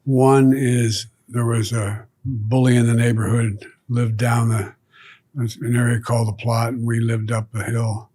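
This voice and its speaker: An older man, a guest, recalling childhood stories in a relaxed conversation, often dropping to a low murmur. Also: a little slow. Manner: reflective anecdotes, trailing to a low murmur. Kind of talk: storytelling in conversation.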